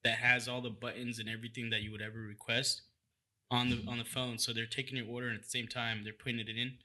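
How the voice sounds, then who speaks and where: Fast, bright-voiced man talking shop. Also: mid-range voice, flat delivery. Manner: eager, talks shop about restaurant systems. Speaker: podcast guest, taco business owner. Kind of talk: casual chat.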